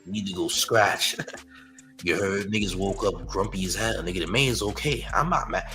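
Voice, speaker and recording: A man's voice: low voice, moderate pace, over music, low-quality recording. A man hosting a live-stream news show, mocking a critic in loose slangy commentary and leaning on "champ" and "you heard".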